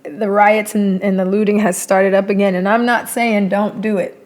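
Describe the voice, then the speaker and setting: A woman's voice: medium pitch, flat delivery, moderate pace, a little mellow. A young woman co-hosting a podcast in casual, playful chat, laughing often and talking while eating. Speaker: podcast co-host.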